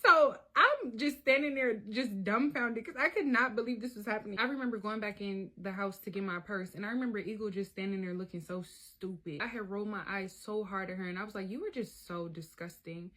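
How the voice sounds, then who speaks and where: A woman's voice: medium pitch, fairly quick, hardly any pauses, sharp tone. A woman telling a personal story in a casual, profane way, often talking to viewers as y'all. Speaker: storyteller vlogger.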